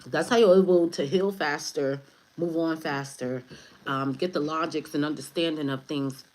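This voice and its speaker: A woman with a low-pitched voice gives a casual spiritual reading to her audience. She rambles from thought to thought, swearing offhandedly and laughing at her own humor. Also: fairly even intonation, normal speed, a little mellow, poor audio. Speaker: spiritual advisor, tarot reader.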